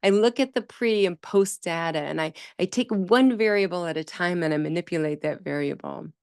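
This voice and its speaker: Animated woman podcaster in a dry, close sound. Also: on the low side, normal speed, clean tone, no room sound. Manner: animated storytelling, acts out quoted voices, emphatic repetition. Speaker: speech-language pathologist podcast host. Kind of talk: solo podcast talk.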